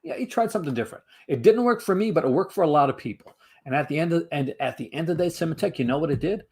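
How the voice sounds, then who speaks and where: A man's voice: a little high, animated, rapid-fire, gravelly, a little mellow, husky. Male livestream host, casual and rambling, answering his chat. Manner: rambling, many fillers and restarts.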